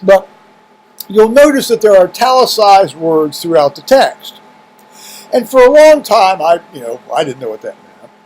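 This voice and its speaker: High-voiced man rambling to camera. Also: darkish tone, breathy edge, poor audio. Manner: rambling, many restarts and fillers. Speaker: video blogger. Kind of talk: casual talk to camera. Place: home room with heaters running.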